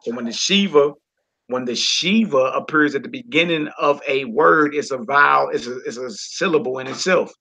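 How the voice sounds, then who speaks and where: A man teaching a live-streamed Hebrew lesson casually, repeating words and drilling syllables slowly. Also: medium pitch, gravelly, sharp tone, rough recording.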